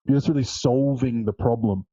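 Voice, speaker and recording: A man interviewing in an easy, relaxed way, agreeing and reflecting points back. His mellow voice comes through dull and lo-fi, with a dry, close sound. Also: mid-range voice, normal speed, dry recording. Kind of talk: casual podcast chat.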